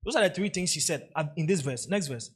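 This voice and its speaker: A man's voice: on the high side, lively intonation, brisk, slightly rough. A man preaching a sermon as pastor, hammering key phrases through repetition and drawing the congregation in to repeat and answer.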